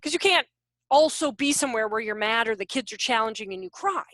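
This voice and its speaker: A woman in her forties, a behavior consultant, giving an animated, jokey online workshop talk over a video call. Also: a little high, brisk, no echo, clean studio sound. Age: 40s. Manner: animated, self-deprecating, jokey.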